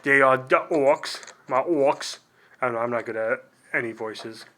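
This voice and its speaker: A young man hosting a casual unboxing video in a middle-pitched, everyday voice. He rambles, fills gaps with "like", and makes fun of himself as he goes. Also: measured pace, a bit bright. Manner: rambling and self-deprecating, full of "like" and trailing asides. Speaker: video host.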